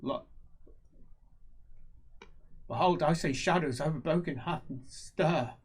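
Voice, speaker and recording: A man's voice: a little high, slow pace, breathy edge. A man voicing an old grey-haired street priest who declaims dazed prophecies. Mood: ominous.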